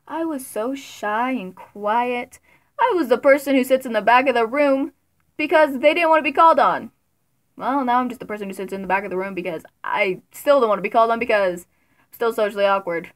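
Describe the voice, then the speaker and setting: A young woman vlogging casually about her favorite creators, giggly and excitable, with sudden loud bursts. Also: on the high side. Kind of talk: casual fan commentary.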